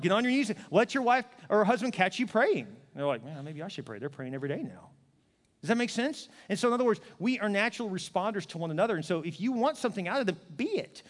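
Male pastor, sermon, lively storytelling voice, repeats short punchy lines, high-pitched, echoing hall. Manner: animated, acts out little scenes with voices; repeats punchy phrases, asks the crowd questions.

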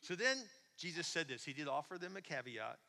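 A male pastor delivering a lively, conversational sermon. His voice is very bright and sits a little high. It carries through the long reverb of a large church hall. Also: a little fast. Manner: conversational, animated, asks the congregation questions.

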